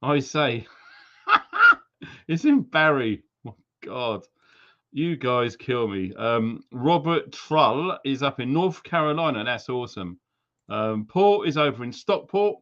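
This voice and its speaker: On a live stream, a man from Wales gives casual shout-outs, reading viewers' names and locations with jokes and silly accents. His medium-pitched voice is animated, unhurried and a bit bright, carried by slightly dull lo-fi audio.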